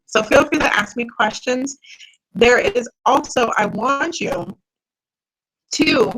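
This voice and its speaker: A woman's voice: high-pitched, a bit bright, breathy edge, poor audio. A woman mindset coach leading a live online workshop, talking directly and encouragingly to her viewers. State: tired, yawning.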